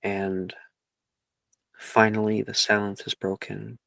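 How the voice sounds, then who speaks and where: A man running a tabletop game as game master, narrating in an unhurried way with many ums and likes. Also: lowish voice, monotone, vocal fry, a bit bright, dry recording.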